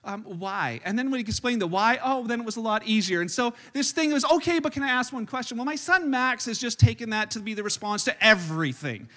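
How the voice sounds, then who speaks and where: Male pastor, high voice, sermon delivered as loose, self-deprecating storytelling. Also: quick pace, hardly any pauses, bright, forceful tone. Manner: chatty, self-deprecating storytelling with many restarts. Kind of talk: sermon with family stories. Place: church service.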